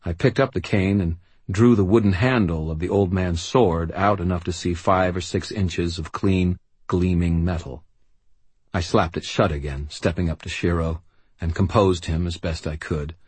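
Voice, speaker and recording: A man reading a first-person audiobook in a grim, steady way. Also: deep voice, moderate pace, slightly rough, dry recording. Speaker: audiobook narrator.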